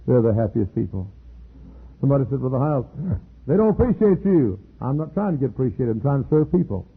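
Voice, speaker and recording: An older man, a pastor, preaching a sermon with animated delivery and sudden leaps into high quoted voices. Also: quick pace, gravelly, breathy edge. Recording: tinny phone-like archive recording.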